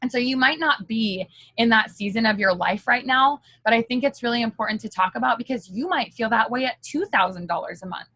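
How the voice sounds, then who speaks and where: A woman's voice: a little high, fairly quick, hardly any pauses, pushed and bright, dry recording, rough recording. Candid chatty woman, dry sound. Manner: chatty and candid, full of "like" fillers. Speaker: guest speaker, direct-sales team leader. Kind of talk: candid motivational talk.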